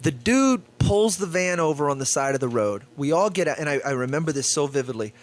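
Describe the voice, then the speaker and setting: Male comedian co-host, slightly high pitch, animated storyteller in casual banter. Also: fairly quick.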